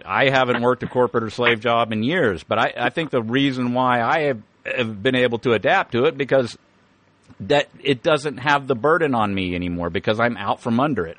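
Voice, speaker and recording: Middle-aged male podcast host, rambling and profane, stammers and restarts, mid-pitched voice, dry close mic. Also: a bit bright, dry recording. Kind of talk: casual monologue.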